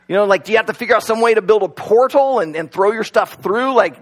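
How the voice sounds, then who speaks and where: A man's voice: high-pitched, fast talker, hardly any pauses. A man preaching a sermon in a conversational, joking way, full of "like" and "you know", at a church service that is also streamed online. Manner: conversational, joking, many fillers. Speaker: pastor.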